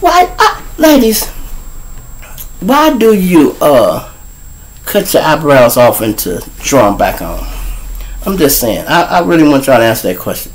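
A man with a Chicago accent hosting his own show. He tells stories in a profane, animated way and talks straight to his viewers. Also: on the high side, a little slow, long pauses, low-quality recording. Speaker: show host. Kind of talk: storytelling monologue.

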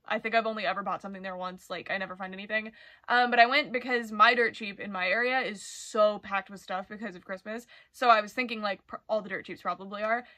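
A young woman, gushing excitedly in a casual doll-collecting vlog. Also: medium pitch, no echo. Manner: excitable and gushing, with frequent exclamations. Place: busy retail store, indoors.

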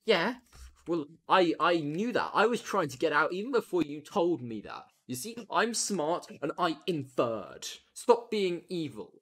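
A game streamer giving chatty, excitable, self-mocking commentary on a first playthrough. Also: mid-range voice, a little slow, slightly rough. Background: game music.

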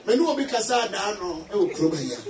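A man with a Ghanaian accent preaching an emphatic sermon, calling for amens and shouting. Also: high-pitched, lively intonation, fast talker, very noisy. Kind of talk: sermon mixing English and Twi. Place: church hall with congregation. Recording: roomy, far from mic, music and crowd. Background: music and congregation.

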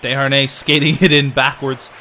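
A man commenting live while playing a hockey video game, excitable and often frustrated, talking back at the game. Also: mid-range voice, normal speed, slight background noise. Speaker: video game let's-player.

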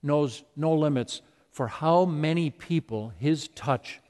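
A man's voice: on the high side, takes it slowly, darkish tone. A man preaching a sermon as pastor, emphatic and repetitive. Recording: long reverb of a large hall.

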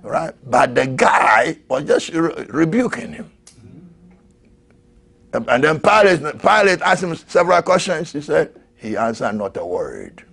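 A man preaching a sermon, swinging from shouted peaks to low murmurs and laughing often. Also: very animated, unhurried, creaky, slightly rough.

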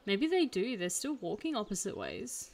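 A woman's voice: mid-range voice, wildly swooping pitch, normal speed, darkish tone. A young woman chatting casually while streaming a game, telling an exasperated story. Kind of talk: casual gameplay chat.

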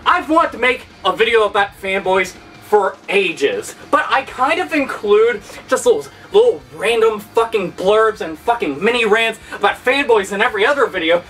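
A man's voice: sits high, very animated, moderate pace, fairly bright tone, recorded from a distance, soft background music. A man hosting a gaming video, delivering a heated, sarcastic, profanity-laced rant. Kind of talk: angry rant vlog.

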